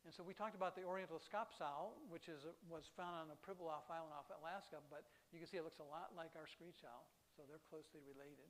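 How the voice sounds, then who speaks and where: A man's voice: on the high side, fairly even intonation, fast talker, few pauses, fairly bright tone. A man giving a chatty, enthusiastic lecture on birds to a live audience in a hall, often restarting his sentences. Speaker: birding lecturer.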